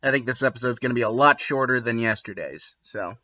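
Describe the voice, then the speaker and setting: A man's voice: mid-range voice, fairly quick, pushed and bright, muffled recording. A man hosting a comedic readthrough, delivering sarcastic, wry commentary. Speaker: host reading and mocking a fanfiction.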